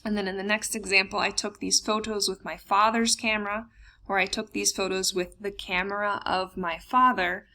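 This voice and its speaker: A woman teaching a recorded German grammar lesson over slides, explaining plainly with lots of ums and uhs, slowing down for example words. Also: medium pitch, level tone, bright, forceful tone. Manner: plain explanatory tone with frequent fillers.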